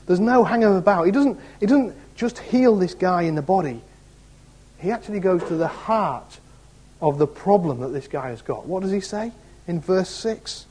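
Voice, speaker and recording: A man's voice: high voice, expressive, moderate pace, a little mellow, slightly rough, low-quality recording. A man, an assistant pastor preaching conversationally with rhetorical questions. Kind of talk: sermon.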